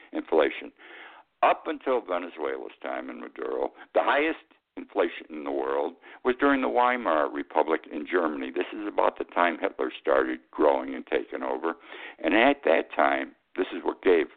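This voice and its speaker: Talk show host, man, lowish voice, indignant and rambling, thin phone-like sound. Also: vocal fry. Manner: indignant, rambling, with fillers and emphatic outbursts. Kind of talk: opinionated political commentary.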